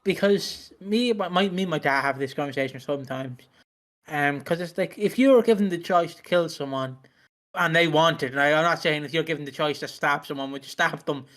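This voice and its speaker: A person co-hosting a casual podcast chat who talks haltingly with many fillers, swears, and muses aloud. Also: mid-range voice, a bit bright. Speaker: podcast co-host.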